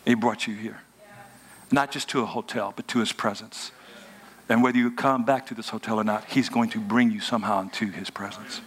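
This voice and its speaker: A man preaching a lively, joking sermon in casual everyday speech and talking back and forth with a live audience. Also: lowish voice, a little fast. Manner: animated, joking, colloquial, talks with the audience. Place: hotel event room before a live audience.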